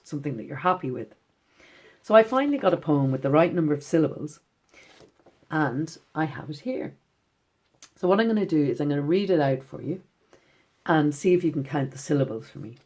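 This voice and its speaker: A low-pitched woman teaches schoolchildren in a gentle, encouraging tone. She reads her poems out slowly and with care. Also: slightly rough. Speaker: poet teaching children. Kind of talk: recorded lesson for schoolchildren.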